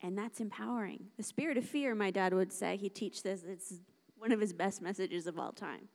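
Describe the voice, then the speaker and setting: A woman preaching a lively, conversational sermon to a church congregation, acting out little dialogues as she talks. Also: mid-range voice, normal speed, vocal fry. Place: church service.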